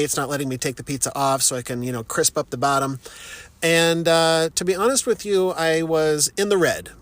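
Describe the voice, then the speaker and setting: A middle-aged man casually telling a story, profane and animated, mocking himself and laughing often. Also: a little high, dry recording. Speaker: vlogger.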